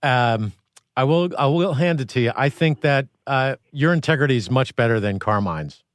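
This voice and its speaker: Lively, animated male radio host. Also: medium pitch, normal speed, dry recording. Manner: enthusiastic, playful questioning. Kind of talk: interview.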